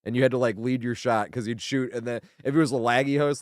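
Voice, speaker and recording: Male streamer, 30s, casual and rambling, quick to laugh, swears freely, home desk mic. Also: medium pitch, steady tone, no room sound, clean studio sound. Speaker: live game streamer. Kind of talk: casual live-stream chat.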